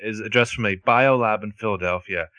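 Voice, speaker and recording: A man's voice: on the low side, a little fast, sharp tone, no room sound. A man co-hosting a casual chat about a TV show, making wry, joking asides. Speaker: podcast co-host.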